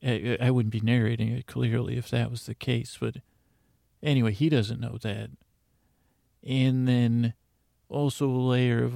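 Gravelly, low-key man as a rambling comic narrator who keeps breaking off into asides. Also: flat delivery, unhurried, mellow, dry recording, clean studio sound. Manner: rambling, self-interrupting, chatty asides. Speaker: fictional narrator. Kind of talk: improvised comedic audio-drama narration.

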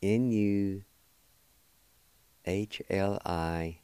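A man hosting a radio language lesson, spelling words letter by letter and pronouncing them slowly and deliberately. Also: low voice, fairly even intonation, warm tone, clean tone, no room sound. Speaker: radio host teaching language.

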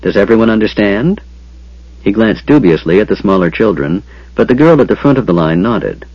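Brief: low male narrator, lively intonation, dry muffled lo-fi recording. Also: a little fast, breathy edge, no echo. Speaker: audiobook narrator. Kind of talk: scripted narration.

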